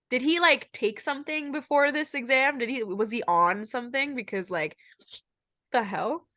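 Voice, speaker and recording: A woman with a fairly high, bright voice co-hosts a casual podcast, firing off blunt, slangy reactions. The sound is close and dry. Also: a little slow, pauses often, no echo. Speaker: podcast co-host.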